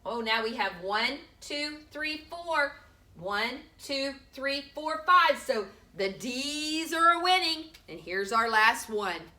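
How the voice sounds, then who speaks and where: Slow sing-song preschool teacher, bright voice. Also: female voice, sits high, lively intonation. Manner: slow, sing-song, sounds out letters with emphasis. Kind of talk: teaching a phonics lesson to young children. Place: home room.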